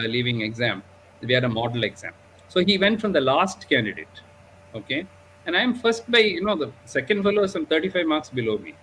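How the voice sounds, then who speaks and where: Animated man telling a story. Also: medium pitch, a little hiss or hum, poor audio. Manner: animated, repeats 'okay?' and 'you know'. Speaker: diabetes doctor. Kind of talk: storytelling in a live discussion.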